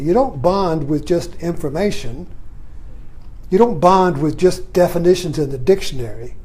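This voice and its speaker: A man's voice: high voice, a little mellow. An older man giving a rambling, reflective monologue, often adding "you see" as he thinks aloud. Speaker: vlogger. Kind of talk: musing monologue.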